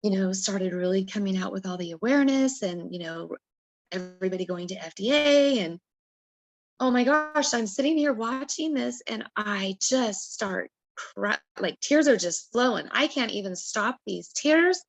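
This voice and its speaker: A woman guest on a podcast, telling her personal story in an emotional, animated way and acting out her own past words. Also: mid-range voice, normal speed, dry recording.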